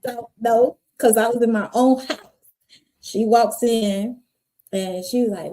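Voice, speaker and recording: A woman's voice: fairly high pitch, measured pace. A woman, guest on an interview podcast, telling her life story candidly and acting out the people in it. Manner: animated, acts out voices in her stories.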